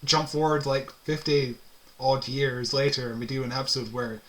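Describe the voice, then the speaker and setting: A man's voice: medium pitch, fairly even intonation, moderate pace, fairly bright tone. A man co-hosting a podcast review in chatty casual talk, laughing easily and sharing trivia. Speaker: podcast co-host.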